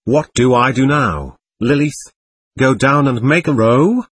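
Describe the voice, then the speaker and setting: Agitated husband, terse and frantic, husky, dry, read by a male narrator. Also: medium pitch, unhurried, no echo. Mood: exasperated. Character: agitated middle-aged husband, brusque and anxious.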